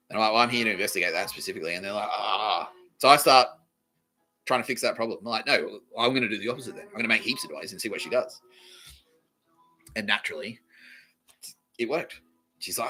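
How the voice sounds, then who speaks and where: A man's voice: on the low side, a little fast, soft background music, rough recording. A man hosting a podcast, telling a rambling comedic story full of swearing and acted-out quotes. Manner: swearing, animated, acts out quoted voices. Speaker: podcast host.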